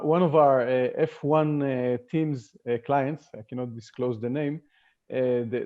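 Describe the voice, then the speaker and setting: Halting man on a dull video call. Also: mid-range voice, dark tone. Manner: halting, many fillers and restarts. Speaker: webinar panelist. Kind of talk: casual panel talk.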